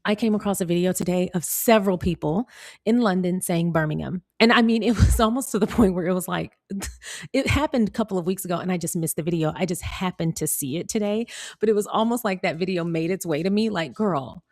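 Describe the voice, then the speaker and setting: American woman vlogger, conversational, slightly low voice, dry recording. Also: a little fast, a little mellow, no echo. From United States. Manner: chatty, laughs often, talks straight to viewers. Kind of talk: casual commentary and reading aloud.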